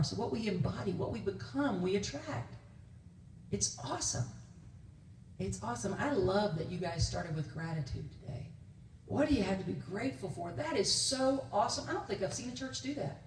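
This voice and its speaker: A woman guest minister with a mid-range, darkish voice speaks at normal speed, weaving stories, laughs, and quoted voices into a conversational sermon. The recording comes from a distance in an echoey church sanctuary, with some slight background noise.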